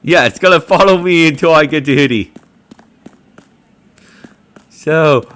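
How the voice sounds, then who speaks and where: A man playing a video game and chatting through it casually, reading the on-screen dialogue aloud in an animated way, with game music underneath. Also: on the high side, moderate pace, long pauses. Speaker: let's play gamer. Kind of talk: casual gameplay commentary.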